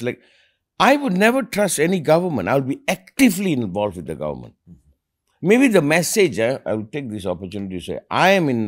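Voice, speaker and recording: A man's voice: mid-range voice, darkish tone. A man hosting a podcast interview, talking with passion and emphasis, repeating words as he starts each thought. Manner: passionate, emphatic, acts out quoted dialogue. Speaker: podcast host. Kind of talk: conversational interview.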